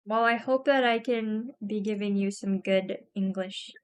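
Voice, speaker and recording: A woman's voice: mid-range voice, a little slow. A young woman streamer chatting casually while crafting, rambling with lots of fillers and frequent giggles.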